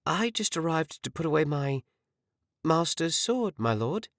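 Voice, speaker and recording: A man voicing a quick-witted young woman squire in an audiobook. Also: a little high, very animated, dry recording, clean studio sound, pitched above the performer's own voice. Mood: feigning innocence.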